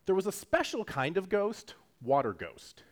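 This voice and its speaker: A man's voice: high-pitched, huge pitch swings, normal speed. A man preaching a sermon in a casual, jokey teaching style, acting out quotes as he goes. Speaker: pastor.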